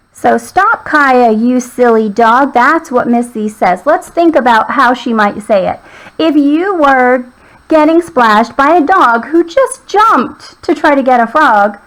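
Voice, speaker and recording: A woman's voice: sits high, low-quality recording. A woman teacher patiently walking young children through a writing lesson.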